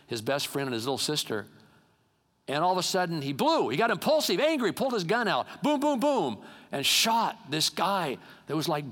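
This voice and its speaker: A middle-aged male pastor preaching a sermon in a church, swinging from quiet asides to loud exclamations as he tells stories. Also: on the high side. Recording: long hall reverb.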